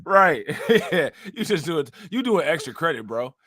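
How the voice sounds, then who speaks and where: A man's voice: a little high, sing-song, normal speed, pushed and bright, dry recording, clean studio sound. A man co-hosting a casual reaction chat, laughing a lot and using slang. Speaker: co-host.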